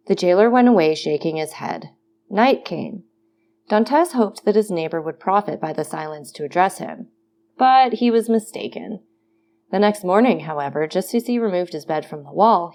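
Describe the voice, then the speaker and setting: A woman narrating a classic novel aloud in a steady, expressive reading. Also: lowish voice, slight background noise. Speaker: audiobook narrator.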